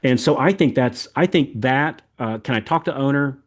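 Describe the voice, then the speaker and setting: A man's voice: mid-range voice, expressive, normal speed. An older man from the American South hosting a podcast, talking in a casual, rambling, folksy way and often repeating words as he goes. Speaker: podcast host. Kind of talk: casual chat.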